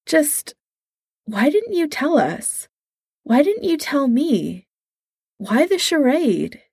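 A woman's voice: medium pitch, big pitch swings, slow pace, gravelly, mellow, husky, no room sound, clean studio sound, heavily acted. A woman voicing an earnest, loyal team leader who speaks sincerely. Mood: pleading.

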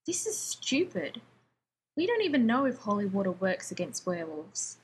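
A woman's voice: medium pitch, big pitch swings, moderate pace, slightly rough, poor audio. A woman voicing a sulky, scornful young boy in a story reading, with a whiny, petulant manner.

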